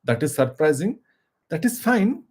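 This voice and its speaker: A man's voice: fairly high pitch, big pitch swings, measured pace, darkish tone, breathy edge, voice pushed up, heavily acted. A man voicing a curious male guest executive, asking questions in disbelief. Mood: incredulous. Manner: incredulous questioning.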